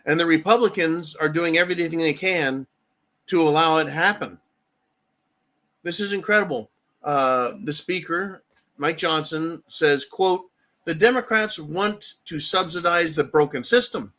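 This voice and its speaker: An American man hosts a live talk stream, with a voice pitched a little above the usual male range. He talks bluntly, swears freely and keeps checking in with "right?". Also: unhurried, sharp tone. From United States. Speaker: livestream host. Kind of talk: casual political commentary.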